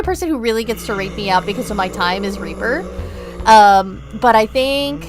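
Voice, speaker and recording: A bubbly young woman streamer chats along as she plays, with a fairly high voice and a quick, self-mocking humor. Game music plays clearly beneath her voice. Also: poor audio. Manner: chatty, bubbly, self-deprecating. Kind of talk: casual gameplay chat.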